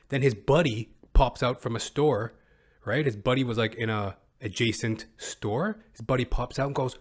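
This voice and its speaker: A young man hosting his own podcast, telling a comic story in an animated, profane, self-mocking way. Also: medium pitch, normal speed. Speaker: podcast host. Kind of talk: comedic storytelling monologue.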